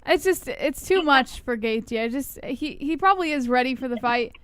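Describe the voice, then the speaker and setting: Smooth-voiced woman co-hosting a stream. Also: sits high, animated, moderate pace, fairly bright tone, no echo. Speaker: stream co-host. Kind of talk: casual chat on a live stream.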